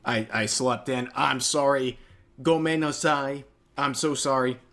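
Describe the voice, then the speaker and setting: A man's voice: medium pitch, fairly even intonation, a little slow, fairly bright tone. Man ranting in a groggy morning voice. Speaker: online creator. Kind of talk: casual video rant.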